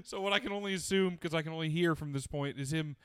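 A man's voice: fairly high pitch, fast talker, a bit bright, smooth, no room sound. Laughing, profane man telling a story. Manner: profane, rambling storyteller who laughs often. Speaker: podcast co-host telling a story. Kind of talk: casual chat.

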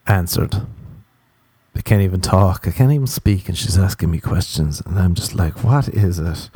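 A man's voice: low-pitched, lively intonation, normal speed, warm tone, slightly rough, no room sound. A man hosting a comedy podcast, ranting in a profane, sarcastic monologue into a close mic. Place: Los Angeles home recording.

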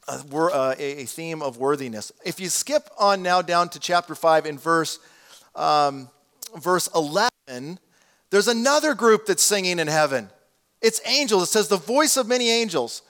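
A man preaching a sermon in a conversational way, rising in volume when he reads scripture aloud. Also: high voice. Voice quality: damaged hearing, says so. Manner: conversational preaching, swells loud on quoted scripture. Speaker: pastor.

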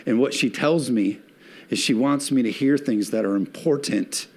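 With a medium pitch, darkish tone and a slight roughness, a male pastor who has young children gives a sermon. It rises in emphatic swells and lingers on slow, stressed phrases.

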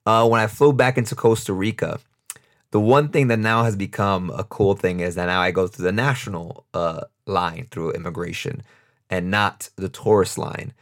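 Here a young New Yorker with a New York accent speaks in a low, steady voice at a moderate pace. As the host of his own casual solo podcast, he rambles off the cuff with frequent laughs.

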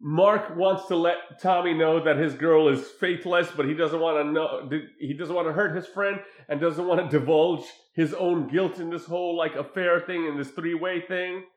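Guy with a high voice walking thru a movie plot, acts out the lines, roomy sound. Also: moderate pace, hardly any pauses. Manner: animated retelling with acted quotes. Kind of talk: casual film recap chat.

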